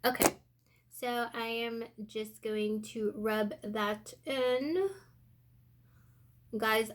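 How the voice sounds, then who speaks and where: A woman giving a casual makeup tutorial, chatting and thinking aloud as she works, a little out of breath. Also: on the high side. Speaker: beauty vlogger. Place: indoor room with sunlight coming in.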